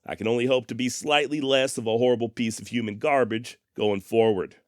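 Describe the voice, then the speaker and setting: A man's voice: mid-range voice, steady tone, fairly quick, dry recording, studio quality. A man hosting a history podcast, joking at his own expense with a sarcastic, folksy humor. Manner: self-deprecating, sarcastic humor. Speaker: podcast host. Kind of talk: casual history podcast narration.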